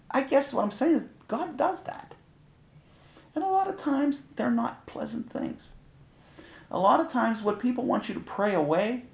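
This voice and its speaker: A middle-aged male pastor with a gravelly voice that swings widely up and down as he preaches. His storytelling is candid and animated, with chuckles. The sound is roomy and echoing. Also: very high voice. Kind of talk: sermon with personal testimony.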